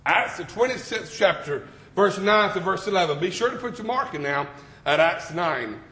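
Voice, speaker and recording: A high-voiced male preacher gives a sermon in a church classroom with a board. He shifts from easy talk to loud bursts and soft asides. His voice echoes around the room. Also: lively intonation, normal speed.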